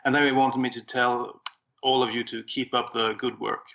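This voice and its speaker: A man's voice: medium pitch, level tone, moderate pace, creaky, bright, forceful tone. A man chatting casually as a regular podcast guest, telling a story in an easygoing way with frequent fillers. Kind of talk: casual chat. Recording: dull lo-fi remote audio.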